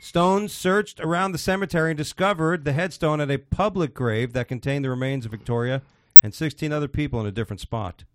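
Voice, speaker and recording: A man's voice: on the high side, brisk, hardly any pauses. A man hosting a casual podcast, swearing freely and rambling through news stories with his co-hosts. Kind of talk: casual banter, reading news stories aloud.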